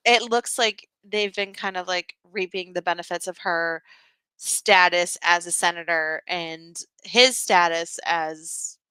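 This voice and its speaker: Bright, crisp woman co-host in dry sound. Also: lowish voice, slow, no echo. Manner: relaxed, agreeable, laughs along. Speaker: podcast co-host. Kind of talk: casual chat.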